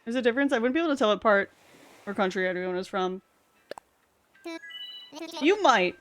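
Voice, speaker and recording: A woman's voice: medium pitch, animated, a little fast, fairly bright tone, a little hiss or hum. Chatty young Canadian woman streamer. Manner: chatty, rambling with many fillers. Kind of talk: casual livestream chat. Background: faint game music.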